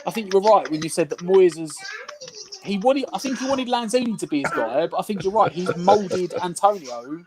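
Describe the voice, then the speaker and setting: A man on a video call with other fans, opinionated and quick to jump in while watching a match. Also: sits high, over a noisy crowd. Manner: animated, opinionated, quick to interject. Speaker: fan on a watch-along stream. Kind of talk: excited match watch-along chat.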